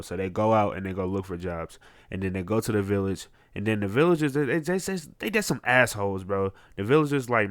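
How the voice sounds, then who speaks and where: A man recapping a manga chapter in casual, excitable, profane slang. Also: on the low side, fast talker, dry recording, studio quality. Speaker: manga reviewer.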